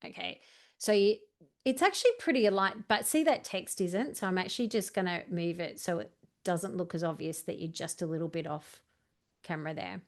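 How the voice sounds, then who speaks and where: A woman's voice: lowish voice, brisk. A woman coaching a video editing tutorial, chatty and walking through each step while correcting herself as she goes. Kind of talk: screen-share editing tutorial.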